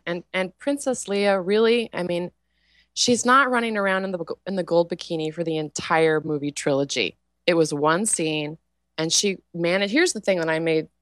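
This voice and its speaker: Chatty woman guest, lowish voice, laughs a lot, dry close mic. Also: no room sound. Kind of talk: casual comedic podcast banter.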